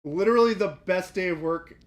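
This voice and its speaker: A co-host in a casual livestream chat who laughs often and talks in an animated way. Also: medium pitch, brisk.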